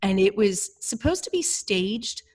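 A woman chatting as a podcast guest, telling a story with lively acted-out quotes. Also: mid-range voice, a little slow, slightly rough. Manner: animated storyteller, acts out her own quotes. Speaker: speaker on CBD for women. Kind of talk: casual chat.

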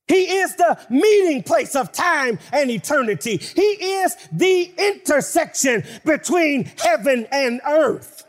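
A man preaching a sermon with emphatic delivery that builds to shouted declarations. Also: extremely high pitch, big pitch swings, slow. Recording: long hall reverb.

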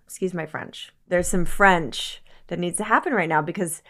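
A woman's voice: lowish voice, moderate pace, a bit bright. A woman as a podcast guest, talking earnestly in casual conversation, often searching for words and swearing casually.

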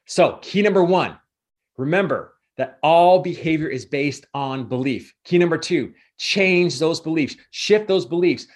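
A man's voice: a little high, a little slow. A man giving a motivational coaching talk as a guest speaker, emphatic and repetitive in his delivery.

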